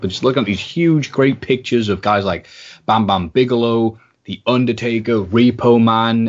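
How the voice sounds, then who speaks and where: A British man, a podcast guest, chatting casually and swearing freely as he tells animated stories. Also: on the low side. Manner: animated storyteller, swears, slips into impressions. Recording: slightly muffled audio.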